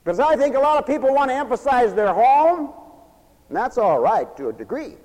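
A man preaching a folksy, animated radio sermon with humorous asides. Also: very high-pitched, fairly quick, long reverb tail, poor audio.

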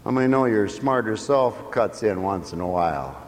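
Folksy male preacher, lively and slow, slightly high voice, heard in a reverberant hall. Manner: folksy, joking, asks the congregation questions. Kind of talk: sermon.

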